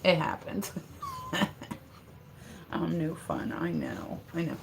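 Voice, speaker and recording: A woman's voice: sits low, big pitch swings, takes it slowly, creaky, background noise. A woman chatting casually on a live stream from her home studio, exasperated and scolding, swearing casually. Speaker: livestreamer.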